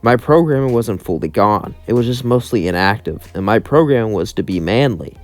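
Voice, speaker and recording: A man voicing a humbled former angel general turned demon, who talks in a hesitant, halting way. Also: lowish voice, expressive, faint music behind, lightly acted. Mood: confessional.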